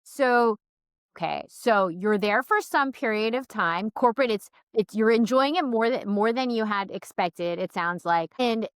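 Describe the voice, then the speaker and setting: A woman's voice: on the high side, a little slow, clear, resonant tone, dry recording, studio quality. A woman hosting a podcast interview who affirms her guest and thinks aloud with small restarts. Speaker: podcast host. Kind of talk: interviewer chat.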